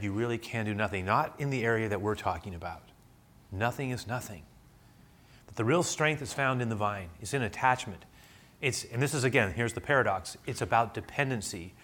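A man preaching a sermon, telling a story and getting animated as he quotes himself. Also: fairly low pitch. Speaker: pastor.

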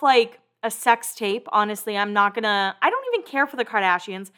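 A woman's voice: medium pitch, fairly quick, few pauses, fairly bright tone. A young woman hosting a pop culture podcast, chatting casually and animatedly about celebrity gossip, with the odd swear word. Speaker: podcast host. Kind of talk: casual chat.

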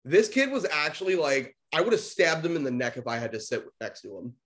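Speaking briskly in a slightly high voice, a young man tells a story on the podcast he co-hosts. His style is casual and animated, full of free swearing and impressions of the people he quotes.

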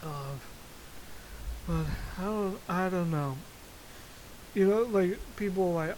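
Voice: medium pitch, takes it slowly, pauses often, noisy background. Foul-mouthed podcaster ranting with laughs. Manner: profane, frequently laughing, animated storytelling. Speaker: podcast host. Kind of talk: casual solo rant. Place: Florida.

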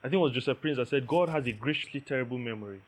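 A man's voice: medium pitch, rapid-fire. A man preaching a sermon, emphatic, repeating key phrases and checking that listeners understand.

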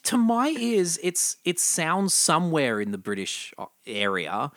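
Animated man telling stories at a microphone. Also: on the high side, a little slow, dry recording, clean studio sound. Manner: animated storyteller, swears, laughs easily. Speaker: podcast co-host. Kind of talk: casual chat. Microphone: studio microphone up close.

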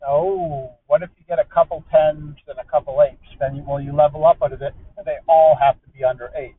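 Loud playful man, tinny phone-like sound. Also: fairly high pitch, fairly even intonation, fairly quick, a little hiss or hum. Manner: playful, talks loud on purpose for the mic. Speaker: podcast host. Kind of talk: casual podcast chat.

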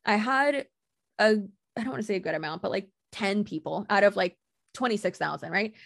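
Woman guest, casual chat, assertive and profane, gravelly tone. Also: mid-range voice, fast talker, no room sound, clean studio sound. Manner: blunt, assertive, swears freely, laughs often. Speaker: guest content creator. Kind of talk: casual podcast conversation.

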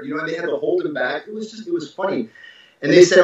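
A middle-aged man tells a story in a lively, emphatic way, full of restarts and asides. His voice sits a little high, and it rings in a very echoey room. The sound is muffled and lo-fi. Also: fast talker, recorded from a distance. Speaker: husband telling their story. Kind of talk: casual conversational storytelling.

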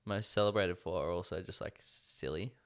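A man's voice: low-pitched, moderate pace, clear, resonant tone. A young Australian man co-hosting a podcast, chatting casually in a rambling, hesitant way with lots of fillers. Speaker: podcast co-host. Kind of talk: casual chat.

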